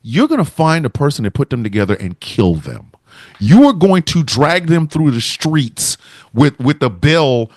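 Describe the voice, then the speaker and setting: Male host, comedic podcast, expressive swooping delivery, dry close sound. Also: fairly high pitch, moderate pace, dry recording. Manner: profane, animated, acts out quotes. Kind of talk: casual comedic chat.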